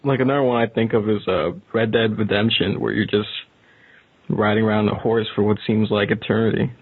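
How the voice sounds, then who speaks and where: A man calling in to a gaming show who talks in a relaxed, casual way with mild swearing. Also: fairly low pitch, brisk, slightly rough. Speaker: caller. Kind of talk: casual call-in chat. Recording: tinny phone line.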